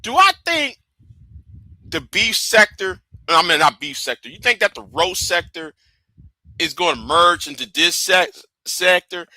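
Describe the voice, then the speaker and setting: Male streamer, casual commentary: bright, cutting tone, bouncy delivery, lots of restarts and repeated phrases, dry close sound. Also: sits high, very animated, a little slow, no echo, low-quality recording. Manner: stop-start, repeats words and catchphrases. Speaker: livestream host.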